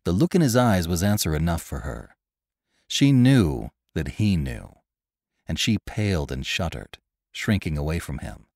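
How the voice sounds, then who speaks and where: Slow, expressive male storyteller. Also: low voice, no room sound, studio quality. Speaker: podcast narrator. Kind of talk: audiobook narration of a classic story.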